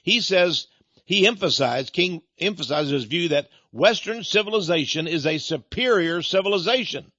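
A man's voice: high-pitched, expressive, normal speed, pushed and bright, no echo, highs cut off. A man hosting a radio ministry show, delivering a preachy talk radio monologue, chuckling often and repeating words as he goes.

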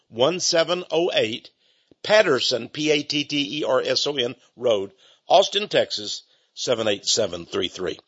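A man hosting a radio ministry talk show, pitching a book and then commenting emphatically. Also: slightly rough, highs cut off. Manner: emphatic, animated delivery.

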